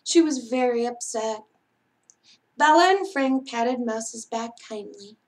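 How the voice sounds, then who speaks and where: Woman, high voice, unhurried, gentle bedtime storybook reading, expressive. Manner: gentle, expressive read-aloud with sound effects. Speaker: children's librarian reading aloud.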